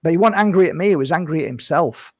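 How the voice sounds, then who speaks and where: A man's voice: fairly high pitch, expressive, fast, no room sound, studio quality. A man talking casually to camera as a healer and vlogger, earnest and rambling, repeating his phrases and calling his viewers "guys.".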